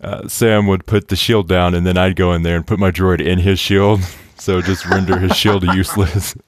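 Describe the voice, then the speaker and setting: A young man hosting a podcast in casual chat, excitable and laughing often, with many fillers. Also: low-pitched, moderate pace, noisy background. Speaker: podcast host.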